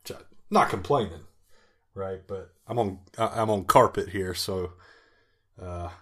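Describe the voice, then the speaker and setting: A man's voice: sits low, measured pace, fairly bright tone, husky. A man co-hosting a podcast among friends, telling a rambling story and laughing at himself. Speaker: podcast co-host. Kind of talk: casual banter among friends.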